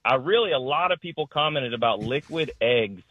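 A man's voice: mid-range voice, expressive, moderate pace, a bit bright, breathy edge, no room sound, highs cut off. A man from Florida, a guest calling in to a radio show, talking in an easygoing way. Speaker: caller, guest on the phone.

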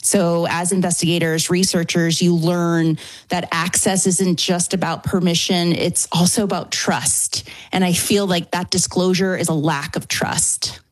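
A woman from New Orleans, a paranormal investigator, answering radio questions in a lively way. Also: on the low side, no echo. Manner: lively, quick to laugh.

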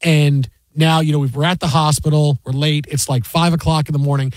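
Man, sports talk host, animated storyteller, high pitch, dry close sound. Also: brisk, no echo. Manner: animated storytelling, acts out quoted voices.

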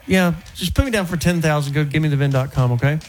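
A man hosting a radio talk show, joking and telling stories in a casual, animated way from the studio. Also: fairly high pitch, quick pace, faint music behind. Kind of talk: casual sports radio chat.

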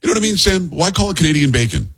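A man's voice: fairly high pitch, animated, very fast, a bit bright, breathy edge. A man hosting a radio talk show from a studio, rambling and joking in teasing banter with his co-host. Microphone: studio microphone.

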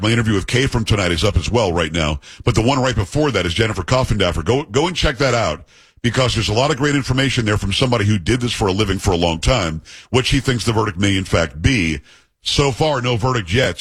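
Middle-aged male talk host, husky, casual banter with a teasing streak, dry close studio sound. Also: on the low side, fairly bright tone, no room sound. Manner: chatty, joking, teasing asides.

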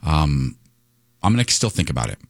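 A man's voice: very deep voice, sing-song, normal speed, vocal fry, dry recording, studio quality. A man co-hosting a radio show, chatting in a playful, teasing way. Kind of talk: casual radio banter. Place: radio studio.

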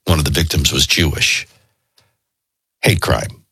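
A man's voice: a bass voice, steady tone, a little slow, pushed and bright, breathy edge, dry recording. A middle-aged man hosting a radio show, chatting casually and jokingly, moving from news into personal anecdotes. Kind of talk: casual talk radio banter.

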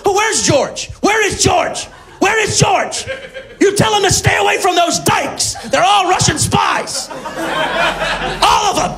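A man voicing a confused, rambling elderly woman who shouts questions in a flustered, wandering way. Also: very high-pitched, lively intonation, slow, gravelly, faint music behind, voice pushed up, full character voice. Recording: live stand-up with crowd laughter.

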